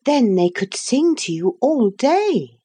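A woman voicing a bold little girl with a clear small voice, speaking firmly in a storybook reading. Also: on the high side, sing-song, slow, mellow, voice pushed up, heavily acted. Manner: firm, insistent.

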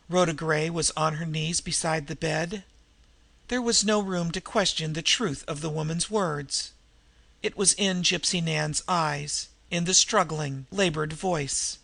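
A man's voice: fairly high pitch, steady tone, a little slow, gravelly, bright, forceful tone, no echo. A man narrating a novel in a scripted reading style, voicing every character himself. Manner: reads the prose and voices every character. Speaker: audiobook narrator.

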